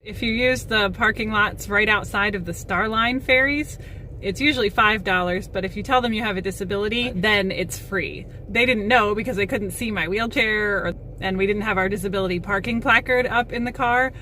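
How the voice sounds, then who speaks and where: Slight background noise accompanies a young woman's sharp, medium-pitched voice at normal speed. Filming herself by handheld camera outside and inside a cabin, she chats upbeat for her casual travel vlog, often laughing.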